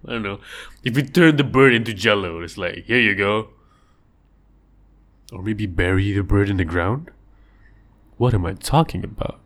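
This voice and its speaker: A man chats casually on a livestream, his voice sitting a little low. He rambles and jokes through listener questions and slips into silly voices to act out small scenes. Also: animated, moderate pace, fairly bright tone.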